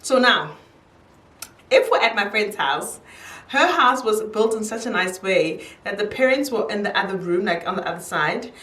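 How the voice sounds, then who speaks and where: A woman's voice: medium pitch, lively intonation, normal speed, pushed and bright, distant mic. A young woman chatting casually to camera while doing her makeup, telling a story and laughing easily. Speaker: beauty vlogger. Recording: echoey room, voice from off-mic.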